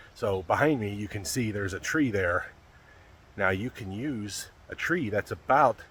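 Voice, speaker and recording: Slightly breathless from the trail, the man keeps up his easygoing outdoor narration, addressing viewers folksily while trekking through wooded mountains on a wilderness trip. He's middle-aged with a low-leaning voice, and a faint hiss or hum sits under the audio.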